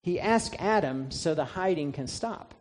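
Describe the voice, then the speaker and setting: A man with a somewhat high-pitched voice delivers a sermon. He preaches emphatically, posing rhetorical questions to the congregation and answering them himself. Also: lively intonation, unhurried, a little mellow. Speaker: pastor.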